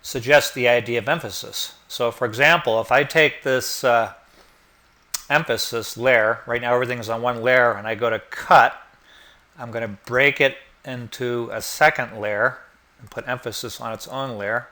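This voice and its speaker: A man giving a screen-recorded software tutorial, explaining step by step in a relaxed way and thinking aloud. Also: medium pitch, normal speed. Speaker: instructor.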